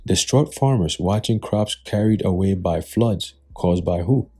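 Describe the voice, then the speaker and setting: A man's voice: sits low, a little slow, warm tone, husky. A man giving scornful, preachy commentary on the news and reading scripture, swearing freely. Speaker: religious commentator.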